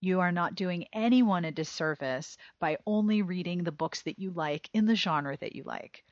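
A woman hosting a podcast, reading listener mail aloud in a casual, expressive way and swearing now and then. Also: lowish voice, moderate pace, no echo. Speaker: podcast host. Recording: dry, slightly dull lo-fi sound.

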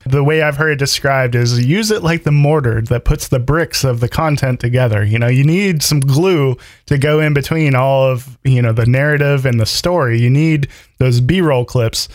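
Lively podcast host man, dry close sound. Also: medium pitch, moderate pace, no echo. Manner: animated, laughs easily, acts out quoted voices. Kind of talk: podcast conversation.

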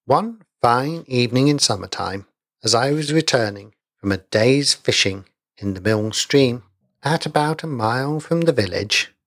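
A man reading a story aloud in a measured storytelling manner. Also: mid-range voice, fairly bright tone, no room sound, studio quality. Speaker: narrator. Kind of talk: audiobook reading.

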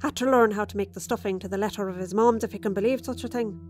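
A woman storyteller performs a lightly acted dramatic monologue as a chatty, tipsy Irish widow confiding over dinner, with sudden flashes of resentment. Her medium-pitched, darkish voice moves fast, with faint music behind.

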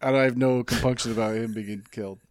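A man's voice: mid-range voice, steady tone, quick pace, dry recording. A man co-hosting a casual podcast, chiming in with wry remarks about a film. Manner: wry, dry asides. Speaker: podcast co-host. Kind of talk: casual chat.

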